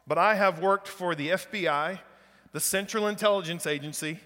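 A man's voice: high-pitched, normal speed, bright, forceful tone, in a large hall. A man voicing a talking dog that politely brags about his travels. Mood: boastful. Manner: polite, proud bragging. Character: boastful male talking dog.

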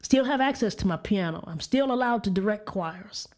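A woman's voice: medium pitch, animated, normal speed, darkish tone. A woman preaching and telling a candid personal story of frustration and faith, with restarts and light laughs. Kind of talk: personal testimony sermon.

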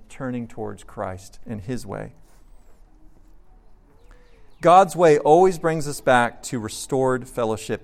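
A man preaching a sermon as a pastor, earnest, moving from soft, slow passages to emphatic ones. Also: fairly high pitch. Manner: earnest, with dramatic swings between soft and emphatic.

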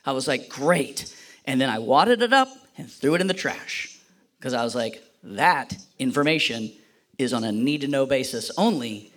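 A man's voice: medium pitch, expressive, normal speed, a bit bright. A man preaching a sermon, telling a personal story and acting out the voices in it with a playful manner. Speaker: pastor.

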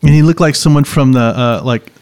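A man's voice: mid-range voice, fairly quick, a little mellow. Rambling man telling a story. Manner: rambling storyteller with many restarts. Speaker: podcast host. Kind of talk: casual podcast chat.

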